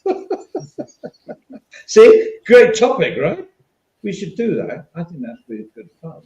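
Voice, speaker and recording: A man's voice: sits high, huge pitch swings, unhurried, warm tone, reverberant, muffled recording. An English man hosting a casual podcast chat, rambling and swearing now and then. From England. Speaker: podcast host.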